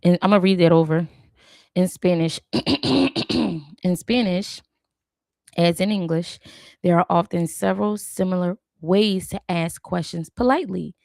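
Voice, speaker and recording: A woman with a low, gravelly voice talks slowly through a live study session. She repeats each word aloud and corrects herself as she goes, in a casual, chatty way. The sound is dry and close. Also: fairly even intonation, a little mellow, no echo. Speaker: language learner hosting a live stream.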